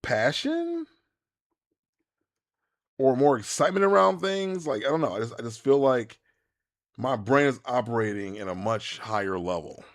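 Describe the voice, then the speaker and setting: A man, chatting casually to viewers while streaming a game, rambling and animated with many restarts. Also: mid-range voice, moderate pace, pauses often. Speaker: gaming streamer. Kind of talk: casual live-stream chat while playing.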